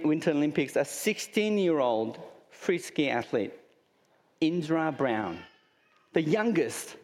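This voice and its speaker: Australian man preaching slowly, higher voice, long church-hall reverb, asks the room questions and cracks small jokes. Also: a little mellow. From Sydney, Australia. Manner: conversational preaching with rhetorical questions and humorous asides. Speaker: pastor. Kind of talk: sermon.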